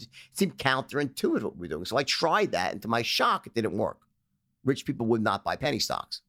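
A man as an interview guest, telling stories and acting out phone sales pitches in character. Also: big pitch swings, a little fast, fairly bright tone, dry recording, clean studio sound. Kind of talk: storytelling in a conversational interview.

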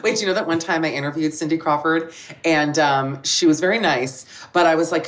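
A woman comedian in her forties chatting as a podcast guest, an animated, self-mocking storyteller who laughs often. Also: low-pitched, brisk. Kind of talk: casual comedic chat.

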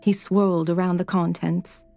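A woman narrating a horror story in a steady, even-toned reading. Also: on the low side, normal speed, gravelly.

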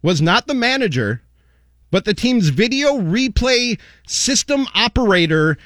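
A man with a notably high-pitched voice hosts a sports talk show, ranting with sarcasm and indignation and hammering the same questions again and again. His voice is close and dry, with no room echo at all. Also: big pitch swings, measured pace, fairly bright tone. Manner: sarcastic, indignant, repeating himself for effect. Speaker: sports radio host. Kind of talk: heated talk radio rant. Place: radio studio.

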